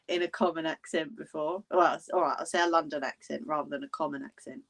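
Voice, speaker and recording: A woman's voice: sits low, animated, moderate pace. A woman chatting casually with livestream viewers, blunt and laughing often. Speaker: livestream host.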